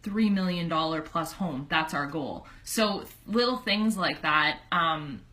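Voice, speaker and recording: A woman's voice: low-pitched, slow, sharp tone. A young woman telling a personal story to her computer webcam at home, chatty and heartfelt, with lots of "like" fillers. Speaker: online fitness coach. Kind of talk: casual personal storytelling to camera.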